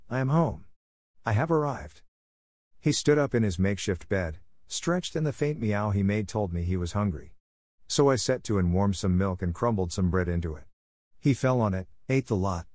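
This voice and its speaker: A man narrating a ghost story in the first person, with a calm, measured storytelling manner. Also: sits low, no room sound, clean studio sound.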